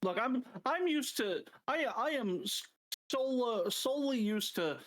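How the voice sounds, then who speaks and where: A man's voice: very high-pitched, animated, unhurried, a bit bright, slight background noise. A man chatting casually as a guest, stumbling over restarts, laughing often and swearing. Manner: stammering restarts, laughing, profane. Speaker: guest streamer. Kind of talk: casual chat.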